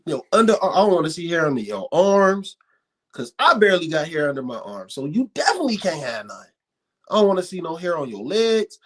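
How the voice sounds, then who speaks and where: A man in loose podcast banter tells stories with heavy profanity. He repeats his points for emphasis. His voice runs a little high and swings widely in pitch. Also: brisk. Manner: animated, profane storytelling, emphatic repetition. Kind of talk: casual podcast chat.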